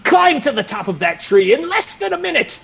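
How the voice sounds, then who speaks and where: A man's voice: very high voice, sing-song, a little fast, creaky, fairly bright tone, voice pushed up, heavily acted. A man voicing a haughty female spirit who flies and possesses people, issuing imperious demands.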